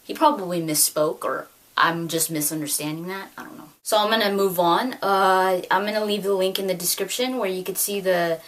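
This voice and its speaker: A woman in her twenties chatting excitedly about gaming news with lots of fillers, recorded at home. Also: medium pitch, brisk. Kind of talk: casual chat.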